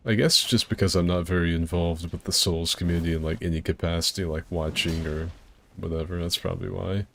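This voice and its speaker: A man's voice: low voice, steady tone, brisk, creaky, fairly bright tone, slight background noise. A man streaming a co-op game with friends, rambling in a laid-back way, swearing freely and laughing often. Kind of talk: casual gaming chat.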